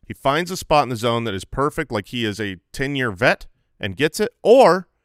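A man co-hosting a fantasy football podcast, talking in a relaxed, conversational way with filler phrases. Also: medium pitch, normal speed, dry recording, studio quality. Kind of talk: casual sports analysis chat.

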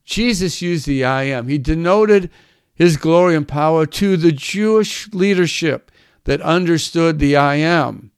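A man's voice: fairly high pitch, a little slow, clear, resonant tone, no room sound, clean studio sound. A man preaching a sermon, emphatic and drawn out, his voice climbing on the key words.

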